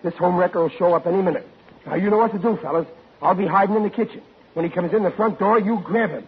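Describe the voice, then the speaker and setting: An excitable, bumbling family man, as a man plays him, talks in a blustery, flustered rush with working-class slang. His voice sits high. It comes through a tinny old radio broadcast with a faint hiss. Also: fast, lightly acted. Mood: scheming. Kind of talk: 1940s radio comedy acting.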